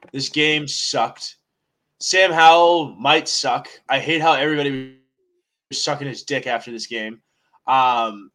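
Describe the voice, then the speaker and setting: A man's voice: medium pitch, pushed and bright, rough recording. A man co-hosting a sports podcast, ranting heatedly with lots of swearing in casual talk.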